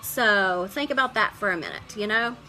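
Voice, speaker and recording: A middle-aged woman hosting a live makeup tutorial, chatting warmly with viewers, greeting them by name and sharing heartfelt stories as she works. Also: mid-range voice, moderate pace, faint music behind, low-quality recording.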